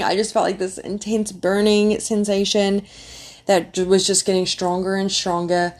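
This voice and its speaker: A young woman casually telling her birth story, animated and full of "like" fillers. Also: medium pitch, moderate pace. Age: young adult. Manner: chatty, animated, many "like" fillers.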